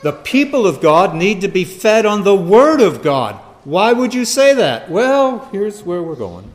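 A man preaching a sermon, firing rhetorical questions and swinging from loud emphasis to quiet asides. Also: sits high, big pitch swings, a little slow.

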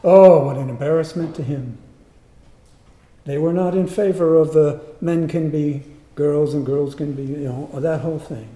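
A man telling a personal story in a sermon, in an earnest, animated way. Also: fairly high pitch, moderate pace. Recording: roomy echo.

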